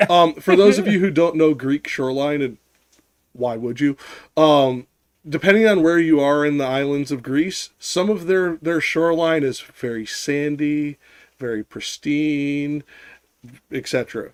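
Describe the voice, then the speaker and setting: A man's voice: a little high, measured pace, clear, resonant tone. A man in casual chat who explains at length, rambling with restarts and casual swearing.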